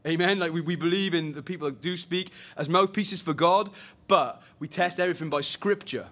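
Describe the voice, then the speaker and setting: A young man preaching a sermon, animated and conversational, swinging between loud emphasis and quiet earnestness. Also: on the high side, a little fast.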